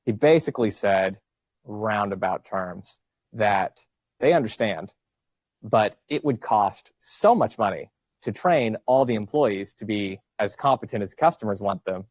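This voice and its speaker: A man's voice: lowish voice, expressive, measured pace, darkish tone, dry recording. Man, 30s, college professor, casual joking lecture, dry close sound. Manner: casual, joking, asks the class questions. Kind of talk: classroom lecture with student banter. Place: classroom.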